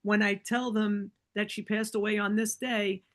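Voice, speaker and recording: A middle-aged woman appears as a guest on a podcast, sharing a personal story in relaxed conversation. Her mid-range voice moves at normal speed, and she's animated, imitating the other people involved, with lots of fillers and restarts.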